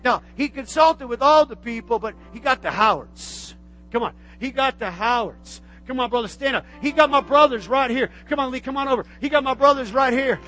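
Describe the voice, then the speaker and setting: A man with a strikingly high voice preaches a sermon as a pastor. He repeats phrases in a call-and-response way and swings from loud, shouted exhortation to quiet, intimate speech. Faint music plays underneath. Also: fairly quick.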